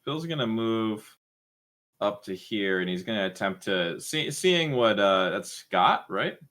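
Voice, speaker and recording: A man's voice: on the low side, animated, unhurried, fairly bright tone. A man playing a tabletop game, talking through his turn loosely and playfully. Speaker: player. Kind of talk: casual tabletop play.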